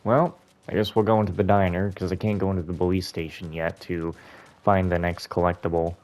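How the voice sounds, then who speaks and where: A man's voice: low-pitched, flat delivery, a little fast, a little mellow. A young man giving chatty, rambling commentary while playing a video game. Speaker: gaming YouTuber. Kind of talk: casual let's-play commentary.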